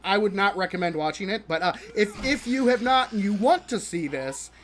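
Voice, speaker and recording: High-voiced exasperated male streamer. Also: expressive, fairly bright tone, a little hiss or hum. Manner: exasperated, mocking, laughing often; halting with many restarts. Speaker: live streamer. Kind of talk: live-stream reaction commentary while gaming.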